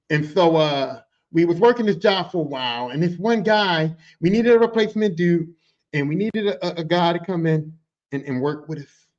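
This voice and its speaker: A man with a high-ish voice tells rowdy work stories on a podcast, casually and with lots of profanity, frequently slipping into quoted voices. The audio has its highs cut off.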